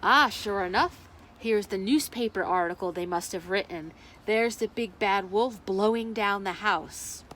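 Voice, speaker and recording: Reading a picture book to children, this librarian is lively and keeps quizzing her young audience. Her pitch is medium and her delivery a little slow, with slight background noise behind her.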